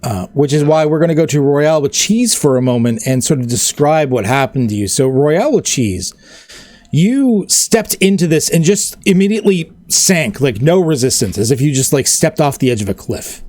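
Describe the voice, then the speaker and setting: A man's voice: a little high, very animated, moderate pace, a little mellow, no room sound, clean studio sound. Casual rambling man running a tabletop game. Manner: rambling, casual, many "like" fillers. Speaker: game master.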